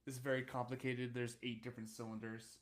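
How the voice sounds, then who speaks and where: A young man co-hosting a podcast, recapping episode plots in a relaxed, casual way with frequent fillers. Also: mid-range voice, brisk. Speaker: podcast co-host. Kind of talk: casual chat.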